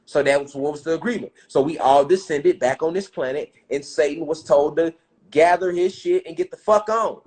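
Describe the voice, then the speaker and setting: A man telling a spiritual story in casual, profane street slang, getting loud and excited at times. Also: a little high, normal speed. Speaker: speaker.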